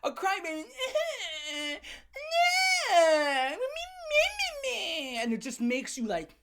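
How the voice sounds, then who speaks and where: Woman, comedic rant, fairly high voice, lively swings, profane and loud. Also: fast, noisy background. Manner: animated, profane storytelling with sudden shouts and laughs; repetitive rhetorical questions. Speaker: channel host.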